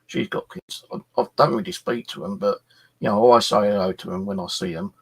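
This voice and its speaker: Bloke chatting on his channel, fired up, bit husky, low gravelly voice. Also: brisk. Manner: animated, swears, acts out quoted exchanges. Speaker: channel host. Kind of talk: casual storytelling chat. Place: flat.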